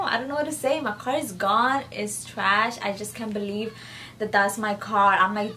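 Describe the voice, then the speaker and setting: A woman's voice: medium pitch, slow, bright, forceful tone, slight background noise. A young woman vlogger recounting a personal story in a casual, rambling way, with many fillers and repeated phrases, subdued after an injury.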